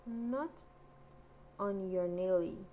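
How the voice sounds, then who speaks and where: A woman's voice: medium pitch, extremely slow, dull audio, slight background noise. A woman reading as a curt old witch. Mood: teasing. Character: grumbling bargaining old witch.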